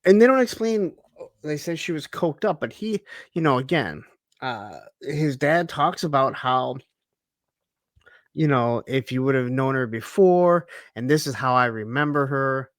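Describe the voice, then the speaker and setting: Man chatting thoughtfully in a tv recap, mid pitch, dry sound. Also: expressive, unhurried, no echo. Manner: reflective, chatty, frequent fillers like "like". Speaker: podcast co-host. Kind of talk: casual TV recap chat.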